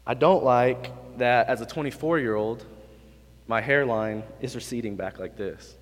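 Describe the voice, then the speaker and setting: A man in his twenties preaching a sermon to a live room, animated, moving between quiet, low remarks and loud, high bursts. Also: measured pace. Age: 20s. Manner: animated, swings from quiet to loud and high when acting out God's lines. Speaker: youth pastor. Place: hall with an audience. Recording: reverberant hall.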